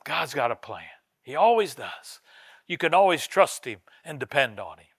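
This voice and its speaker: A male pastor preaching a sermon in a conversational, storytelling way, often restarting his words and growing loud and high when he quotes others. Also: normal speed, slightly rough, no echo, clean studio sound. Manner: animated, rises high and loud when voicing an old woman's quoted words; casual, conversational delivery with frequent restarts.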